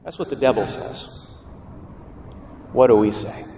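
A man's voice: medium pitch, a little slow, mellow, slight background noise. A man, a priest, giving a homily in a church, with a dramatic delivery that acts out the voices he quotes. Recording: roomy church reverb from a distance.

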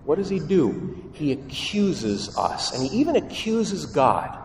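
Priest preaching in an echoing church. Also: male voice, fairly high pitch, sing-song, slow pace, a little hiss or hum. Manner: dramatic, voices quoted temptations. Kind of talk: homily. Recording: roomy church reverb from a distance.

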